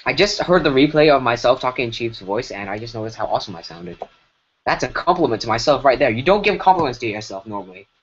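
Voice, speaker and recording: A man's voice: mid-range voice, animated, fast, husky. A man streaming live as he works, talking casually in a rambling, self-correcting way with lots of fillers, through a broken mic. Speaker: streamer animating. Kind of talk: casual livestream commentary. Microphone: broken computer mic. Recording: dull lo-fi mic.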